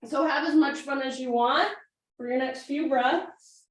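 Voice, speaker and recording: A woman's voice: sits high, a little slow. Woman yoga instructor, breezy instruction, a bit out of breath, in a very echoey space. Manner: casual, encouraging cues while demonstrating poses. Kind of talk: guided yoga class instruction. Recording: echoey room, mic at a distance.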